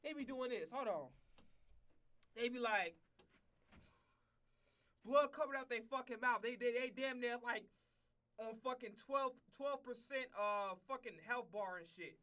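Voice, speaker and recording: Bright-voiced man ranting profanely. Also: extremely high pitch, unhurried, long pauses, dry recording. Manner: profane, animated, rambling with restarts. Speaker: streamer. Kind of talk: casual reaction rant.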